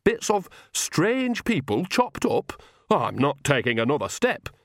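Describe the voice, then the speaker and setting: A man voicing a flustered, bawdy old witch woman who squeaks high when shocked. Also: big pitch swings, moderate pace, dry recording, studio quality. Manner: shrill, easily shocked.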